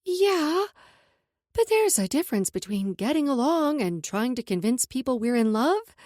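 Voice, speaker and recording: A woman narrator voicing a fiery, sharp-tongued young heroine who talks in loud, biting outbursts in an audiobook. The recording is close and dry. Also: sits high, very animated, moderate pace, dry recording. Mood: indignant.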